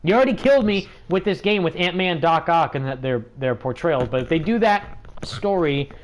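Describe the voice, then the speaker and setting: A man's voice: a little high, expressive, normal speed, a little hiss or hum. A man hosting a gaming livestream, talking in a chatty, rambling way with lots of fillers. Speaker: livestream host.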